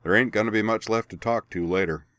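A man voicing a menacing, drugged-up male firebender thug who talks rough and street-wise, in a storybook reading. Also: on the low side, fast talker, fairly bright tone, no echo, studio quality, pitched above the performer's own voice, natural voice.

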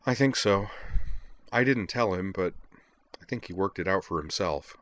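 Storybook: a protective female companion, read by a man, gentle and reassuring. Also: normal speed. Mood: soothing. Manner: gentle and soothing, pitched up.

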